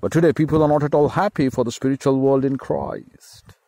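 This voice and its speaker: A man with an Indian English accent preaching a sermon as a pastor, in a slow, emphatic style with repeated phrases. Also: medium pitch, steady tone, mellow.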